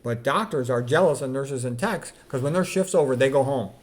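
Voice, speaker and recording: A man's voice: medium pitch, fairly quick. A middle-aged man, a doctor, reading quotes aloud and commenting on them in a candid, casual way with plenty of fillers.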